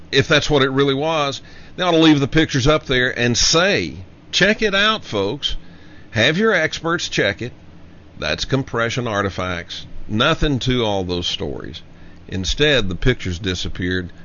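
A man hosting a show, giving an emphatic solo commentary and slowly repeating his key lines for effect. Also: fairly low pitch, fairly bright tone, slight background noise. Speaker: show host. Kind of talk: monologue commentary. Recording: dull lo-fi audio.

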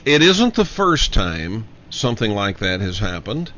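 A man hosting a show, giving an emphatic solo commentary and slowly repeating his key lines for effect. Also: on the low side, big pitch swings, fairly bright tone. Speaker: show host. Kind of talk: monologue commentary. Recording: dull lo-fi audio.

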